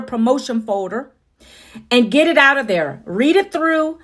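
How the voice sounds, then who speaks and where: A woman's voice: high voice, fairly bright tone. A middle-aged woman hosting a casual livestream, chatty and upbeat, talking straight to her viewers on her phone. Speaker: livestream host.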